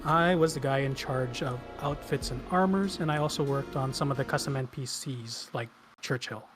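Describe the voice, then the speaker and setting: A man's voice: mid-range voice, normal speed, over music. A man from Canada, a guest game artist, chatting casually and hesitantly on a stream. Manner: relaxed, hesitant with lots of ums. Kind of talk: casual interview chat.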